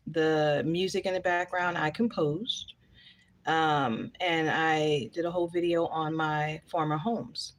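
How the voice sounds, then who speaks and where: A woman, chatting casually on a live stream, reading out viewer comments and answering them bluntly. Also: low voice.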